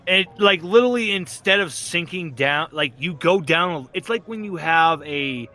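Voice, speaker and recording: A man's voice: fairly high pitch, animated, normal speed, bright, forceful tone, soft background music. A man narrating as game master in a casual, rambling way, swearing and laughing often.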